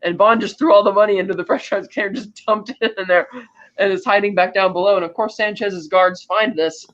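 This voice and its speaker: High-voiced man retelling a film plot. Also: quick pace. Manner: animated storytelling with frequent restarts. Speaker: podcast co-host. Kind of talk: casual plot recap. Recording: slightly muffled lo-fi audio.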